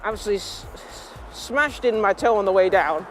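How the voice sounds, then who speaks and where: A man's voice: sits high, lively intonation, brisk, a bit bright, soft background music. A young man telling rambling, self-mocking stories to camera, laughing often and drifting into tangents. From England. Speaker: vlogger. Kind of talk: rambling casual storytelling.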